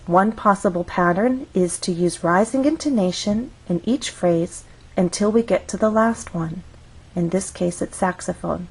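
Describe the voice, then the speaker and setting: A woman teaching English pronunciation, explaining intonation slowly and carefully and demonstrating patterns on example words. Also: mid-range voice, creaky, a little mellow, slightly rough, rough recording. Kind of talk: slow, careful instructional explanation.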